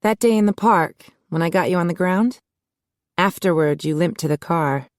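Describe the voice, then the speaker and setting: Woman reading as a spirited young heroine, teasing, lowish dry voice. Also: moderate pace, no echo, lightly acted.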